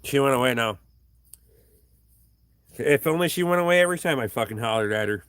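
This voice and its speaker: A man's voice: mid-range voice, expressive, brisk, a bit bright, clean tone, dry recording. A man hosting a casual livestream, reading viewer comments aloud and swearing freely in a blunt, offhand way, recorded on a tripod camera in his home workshop. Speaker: livestream host reading chat. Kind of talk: casual profane livestream chat.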